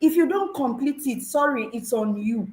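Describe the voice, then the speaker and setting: A woman's voice: high-pitched, lively intonation, normal speed, darkish tone, low-quality recording. A woman sharing a personal testimony on a panel talk show, earnest and emotional, telling her story with feeling. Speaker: program participant sharing testimony.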